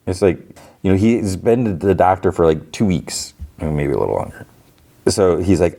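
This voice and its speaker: A man's voice: sits low, lively intonation, moderate pace, mellow. A man hosting a podcast, casually recapping a TV episode in a rambling way with lots of "like" and fillers. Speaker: podcast host.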